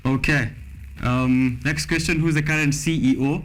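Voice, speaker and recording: A man's voice: on the high side, fairly even intonation, moderate pace, slight background noise. A man with a Kenyan accent hosting a TV talk show, reading quiz questions in a playful, laughing way. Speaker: TV show host. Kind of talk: casual quiz chat. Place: TV studio.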